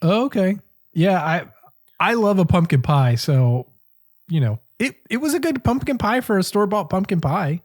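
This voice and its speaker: Profane, animated male storyteller. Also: high voice, normal speed. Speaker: cooking school podcast co-host. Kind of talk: casual podcast chat.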